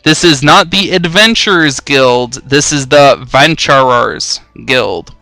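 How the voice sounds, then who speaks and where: A man's voice: medium pitch, slow, bright, forceful tone, no echo, soft background music. A young man giving casual, rambling let's-play commentary, swearing freely and poking fun at himself. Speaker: gaming YouTuber.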